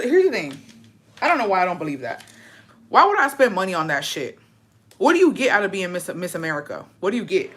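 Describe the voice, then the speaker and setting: A woman's voice: on the low side, fairly bright tone. A young woman hosting a casual gossip chat, ranting with plenty of swearing and rhetorical questions. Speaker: host.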